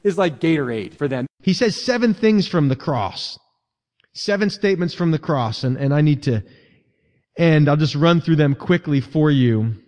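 An earnest male pastor preaches in a plain, conversational way and presses his points through repetition. His voice sits a little high for a man, with a mellow, warm tone. The long reverb of a church hall trails his words, and the recording sounds dull. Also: lively intonation, moderate pace. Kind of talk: sermon. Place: church sanctuary.

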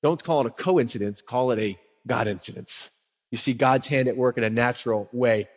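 A man preaching a sermon as a pastor, telling stories in a lively way and acting out the people in them. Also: medium pitch, fairly quick. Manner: animated storyteller who acts out quotes. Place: church sanctuary. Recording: long reverb of a church hall.

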